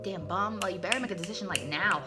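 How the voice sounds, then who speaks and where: A woman hosting a casual comic recap, talking in a chatty, animated way with many fillers. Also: medium pitch, fast, music in the background.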